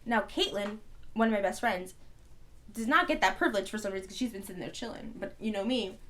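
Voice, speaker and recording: A young adult woman co-hosting a podcast, telling a long story in casual chat, rambling and animated with constant "like" fillers. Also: medium pitch, quick pace. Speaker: podcast co-host.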